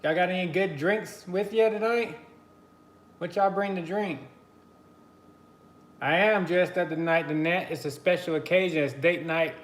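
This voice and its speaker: A man's voice: high voice, unhurried, long pauses, echoey room. Chatty man hosting a live stream. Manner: chatty, greets viewers by name, laughs easily. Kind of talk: casual live stream chat. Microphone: computer mic on a live stream.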